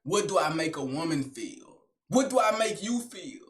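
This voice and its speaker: A young man rambling through a comedic vlog monologue in slangy street talk, animated and joking. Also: on the high side, normal speed. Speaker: vlogger.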